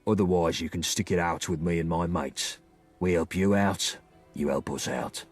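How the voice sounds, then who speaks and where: An actor playing a sly male London gang leader who speaks in a husky, mocking drawl. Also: low voice, steady tone, moderate pace, faint music behind.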